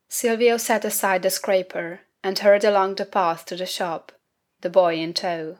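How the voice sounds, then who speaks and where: A woman narrating a fantasy novel in a measured, unhurried literary reading. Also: medium pitch, fairly even intonation. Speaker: audiobook narrator. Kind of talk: scripted narration.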